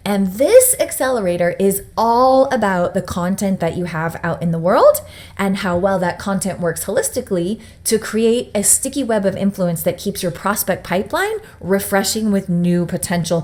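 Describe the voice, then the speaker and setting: Chatty upbeat woman coaching a webinar. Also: mid-range voice. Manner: chatty, upbeat, addresses viewers directly with frequent "right?". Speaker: business coach presenting a webinar. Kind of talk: webinar teaching.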